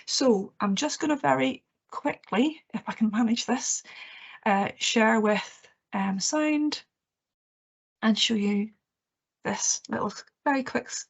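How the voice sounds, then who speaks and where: A woman trainer with a higher, gravelly, slightly rough voice speaks slowly as she coaches teachers through a presentation. Her tone is earnest and reassuring, punctuated by many "okays" and "ums," captured on a muffled, low-fidelity recording.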